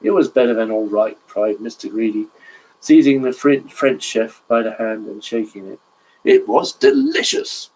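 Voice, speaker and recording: A man's voice: on the low side, sing-song, normal speed, a little mellow, low-quality recording. A man putting on eager greedy Mister Greedy. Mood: delighted. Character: greedy cheerful round male cartoon man.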